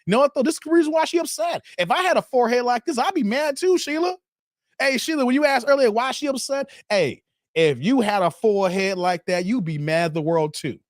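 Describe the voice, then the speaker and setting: Loud joking man roasting. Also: very high-pitched, lively intonation, fairly quick, no echo, clean studio sound. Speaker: host reacting to a clip and reading live chat. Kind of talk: casual live-stream commentary.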